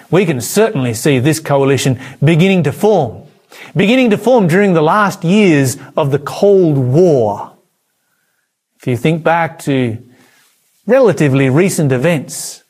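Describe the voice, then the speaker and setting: A man preaching a prophecy sermon with an emphatic, dramatic delivery and a slightly husky voice. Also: darkish tone. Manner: dramatic, emphatic delivery with sweeping pitch swings.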